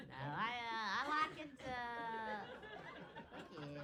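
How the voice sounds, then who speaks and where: Doing a stand-up set in a comedy club, a young woman from New Zealand, with a New Zealand accent, laughs often between jokes in a strikingly high, squeaky voice. The recording is very noisy.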